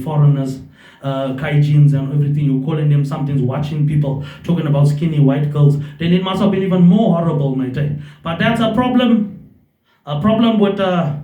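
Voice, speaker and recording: A man rambling in a loose monologue, drifting between thoughts and tagging nearly every phrase with a casual "mate". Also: on the high side. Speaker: vlogger. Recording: distant roomy dull recording.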